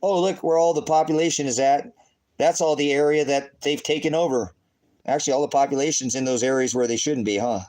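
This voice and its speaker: A man's voice: on the high side, fairly even intonation, fairly quick, darkish tone, rough recording. A middle-aged man preaching in casual livestream commentary, rambling, firing off rhetorical questions and breaking into profane outbursts. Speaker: online preacher.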